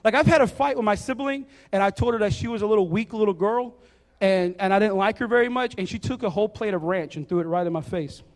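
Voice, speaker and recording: Man, high voice, casual jokey sermon, bible reading, chatty fillers. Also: fast talker, big-room sound. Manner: jokey, chatty, fillers, asks the crowd to repeat words. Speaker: youth preacher.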